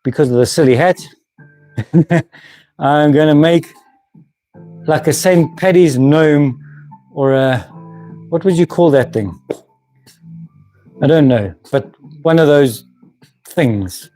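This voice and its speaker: Chatty man, mellow voice. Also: a little high, takes it slowly, long pauses, soft background music. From South Africa. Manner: chatty, laughs often, frequent restarts. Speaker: woodworking channel host. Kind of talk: casual live-stream chat. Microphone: camera mic, moving handheld camera.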